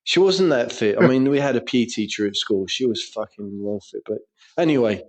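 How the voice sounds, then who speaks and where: A man's voice: mid-range voice, expressive, brisk. An Englishman with a crude, sweary way of talking, telling school stories in casual podcast banter and laughing through them. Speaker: podcast co-host.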